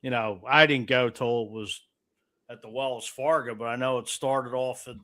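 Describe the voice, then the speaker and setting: A man's voice: mid-range voice, fairly even intonation, moderate pace, sharp tone. A man hosting a casual interview, giving short responses and asking easygoing questions. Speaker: host.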